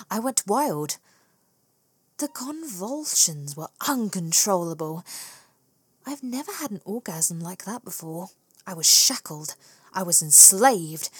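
A woman narrating an erotic first-person story, often slipping into breathy whispers with a slow, sultry delivery. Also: fairly low pitch, no room sound.

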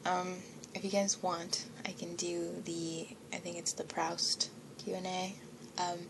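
A woman's voice: fairly low pitch, little pitch movement, a little slow, gravelly, noisy background. A young woman chatting casually to her listeners, rambling and giggly, often dropping to a whisper and swearing now and then. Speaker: audio creator.

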